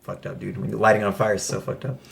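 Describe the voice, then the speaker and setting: Man, young adult, rapid speech, excitable, profane, casual podcast chat. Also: on the low side, gravelly, slight background noise. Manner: excitable, swears often, restarts sentences. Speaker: podcast co-host.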